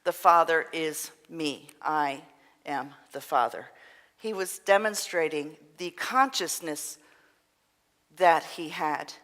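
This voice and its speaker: A woman minister giving an earnest, gentle sermon, sometimes dropping to a soft, breathy near-whisper. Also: low-pitched, slow. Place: church sanctuary. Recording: long reverb of a hall.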